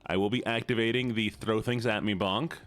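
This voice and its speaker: A man's voice: steady tone, fairly quick, a bit bright. A man live-streaming in a playful, teasing way, chatting with his viewers. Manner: playful, teasing, squeals high when mock-upset. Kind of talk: casual live-stream chat.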